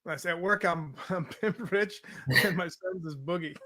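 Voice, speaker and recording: An excitable man hosts a casual chat and reads out listener comments. His voice sits high and rings bright, and he laughs often. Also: slow. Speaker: podcast co-host.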